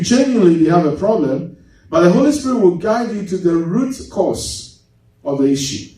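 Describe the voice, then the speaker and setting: A man preaching a sermon as pastor, lively, going from loud to hushed and laughing as he tells stories. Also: high voice, moderate pace. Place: church. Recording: echoey church hall, mic at a distance.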